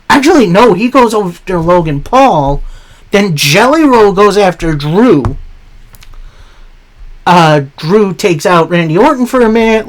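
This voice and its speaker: Male podcast host, slow and easygoing pace, casual recap voice with chatty asides. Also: sits high. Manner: plain storytelling with asides.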